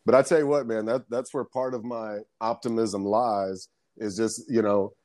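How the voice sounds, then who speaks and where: A man's voice: on the low side, fairly even intonation, moderate pace, darkish tone, dry recording, studio quality. A man telling casual stories as a podcast guest, rambling and swearing, laughing often. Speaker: guest, comedian and background actor. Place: lives in Florida.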